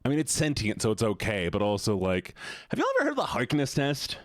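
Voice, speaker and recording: A man's voice: medium pitch, wildly swooping pitch, fast, no room sound, clean studio sound. A man streaming live, reacting to viewer submissions in casual chat, often sighing, swearing and repeating himself in exasperation.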